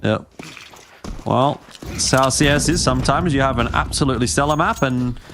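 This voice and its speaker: A man casting a live esports match as play-by-play commentator, excitable, his voice leaping up on big plays. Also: mid-range voice, normal speed, noisy background. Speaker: esports caster.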